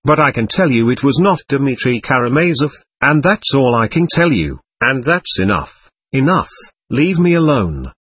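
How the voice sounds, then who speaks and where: A man's voice: mid-range voice, very animated, normal speed, fairly bright tone, slightly rough. A man reading the part of a proud, bitter young man under accusation who speaks in indignant outbursts.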